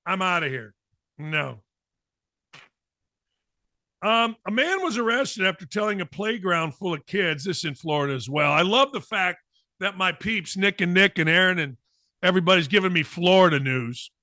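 A middle-aged man hosting a sports talk show, reading odd news stories and riffing on them in a jokey, animated way. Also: high voice, normal speed, no room sound, clean studio sound.

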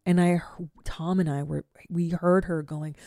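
A woman hosting a podcast, chatting casually and telling stories in a blunt, profane, animated way. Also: lowish voice, slow, no room sound, studio quality. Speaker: podcast host. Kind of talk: casual chat.

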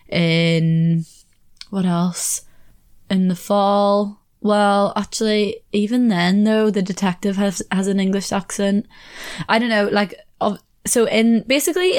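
A woman's voice: fairly low pitch, clear, resonant tone. A Northern Irish woman hosting a podcast alone, chatting casually and rambling with lots of "like" fillers. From Northern Ireland. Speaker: podcast host. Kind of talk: casual solo podcast chat.

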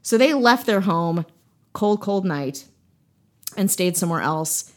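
A woman's voice: fairly low pitch, animated, a little slow. A young woman from Wisconsin hosting a podcast, telling a ghost story in casual chat with jokes and frequent laughs. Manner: playful, jokey, laughs often. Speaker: podcast host.

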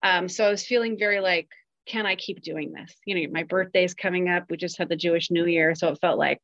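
A woman's voice: lowish voice, steady tone, fast, a bit bright, no room sound. A woman co-hosting a podcast, talking candidly and reflectively about her working life as a screenwriter. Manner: earnest, self-reflective, openly emotional at times. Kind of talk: candid casual chat. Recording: dry, dull lo-fi audio.

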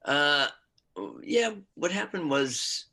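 A man's voice: fairly high pitch, lively intonation, slow pace, pushed and bright. An older man, an actor and musician, chatting casually in an interview, rambling with asides and frequent laughs.

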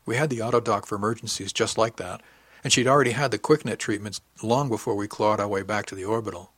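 A man narrating a first-person audiobook in a matter-of-fact, even way. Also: lowish voice, fast, no room sound.

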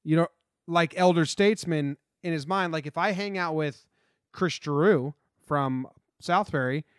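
Man, young adult, podcast co-host, casual chat, meandering, fillers, higher pitch. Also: unhurried, smooth, no echo, studio quality. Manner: chatty, meandering, hesitant fillers.

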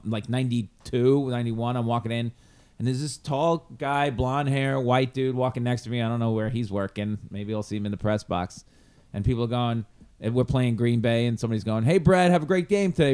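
Smooth-voiced middle-aged man chatting. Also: mid-range voice, steady tone, a little fast, a little mellow. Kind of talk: casual chat.

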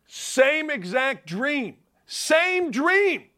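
Fifties guy on a sports talk show, high sharp voice, keeps repeating himself for emphasis. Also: sing-song, extremely slow. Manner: emphatic storytelling, repeating phrases for effect. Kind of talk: animated sports talk monologue.

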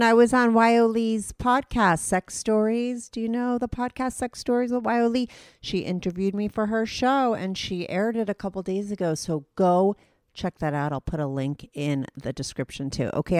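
A woman's voice: fairly low pitch, a little mellow, no room sound, clean studio sound. A woman hosting a podcast, talking bluntly and casually, swearing and laughing often. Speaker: podcast host. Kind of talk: casual interview chat.

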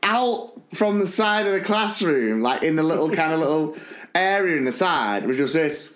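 A man, one of the podcast's hosts, telling a school story in a lively, animated way and acting out the people in it. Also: on the high side, moderate pace, reverberant. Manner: animated, acts out the people in his stories. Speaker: podcast co-host. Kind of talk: casual storytelling chat.

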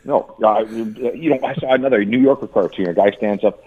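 Brief: deep, husky-voiced male music commentator calling in by phone, tinny line, animated, stammers. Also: a little fast, dry recording. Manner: stammering, repeats words, animated. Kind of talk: phone-in radio interview. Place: lives in Canada.

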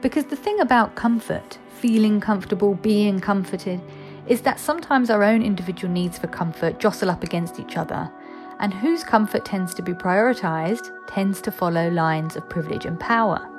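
Woman in her 30s doing a spoken essay, wry and chatty, bit of music quietly underneath. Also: medium pitch, moderate pace. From East London, England. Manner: candid, wry, conversational. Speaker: columnist reading her own piece.

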